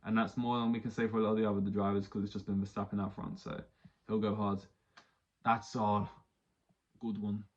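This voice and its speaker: A man's voice: fairly low pitch, flat delivery, a little fast, long pauses, lo-fi sound. A man hosting a podcast, ranting casually with lots of swearing and rambling restarts. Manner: rambling, heavy swearing, exasperated. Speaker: podcast host. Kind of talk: casual solo podcast rant.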